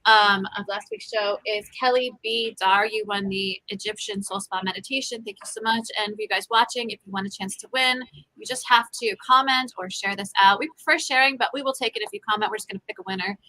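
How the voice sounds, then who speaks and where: A woman hosting a podcast talks in a relaxed, chatty way and laughs easily. Her voice is crisp and bright, sitting at an ordinary middle pitch. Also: fairly quick, low-quality recording. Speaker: podcast host. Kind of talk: casual chat.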